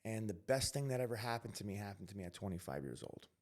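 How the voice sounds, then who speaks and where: A man from New York, a podcast guest, telling his life story candidly, earnest and emphatic with quick restarts. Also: fairly low pitch, lively intonation, darkish tone.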